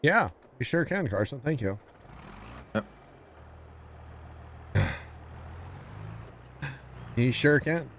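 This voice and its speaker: A man's voice: medium pitch, animated, drawn-out words, gravelly, long pauses, a bit bright, a little hiss or hum. A man livestreaming a farming game, chatting casually with his viewers and often apologizing with a laugh. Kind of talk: casual gameplay commentary.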